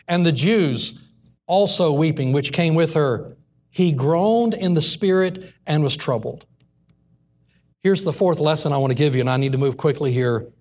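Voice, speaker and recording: A man preaching a sermon in a church, reading scripture aloud and slowing down earnestly on the key lines. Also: fairly high pitch, a little mellow.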